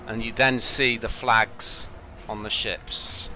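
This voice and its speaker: A man narrating a tabletop game as game master, in slow atmospheric description. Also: fairly low pitch, level tone, sharp tone, soft background music.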